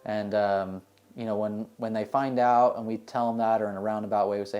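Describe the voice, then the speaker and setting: A man from the United States, a dentist, answering interview questions in a relaxed, rambling way with many fillers. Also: lowish voice, a little fast, lo-fi sound. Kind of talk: casual interview answers, storytelling.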